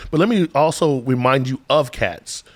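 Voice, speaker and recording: A man's voice: medium pitch, lively intonation, moderate pace. A male podcast co-host making his case in a casual mock debate, with earnest, sing-song speechifying.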